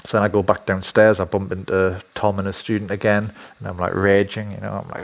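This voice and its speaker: A man's voice: low-pitched, flat delivery, fairly quick, gravelly, few pauses. A man talking in a casual, rambling monologue, blunt and profane with many fillers. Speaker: dating coach.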